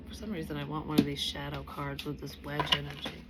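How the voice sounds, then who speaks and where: Low-voiced woman rambling through a psychic reading. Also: measured pace, pauses often, very noisy. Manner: rambling, swears freely, thinks aloud with many restarts. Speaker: psychic medium reader. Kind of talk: casual spoken tarot reading.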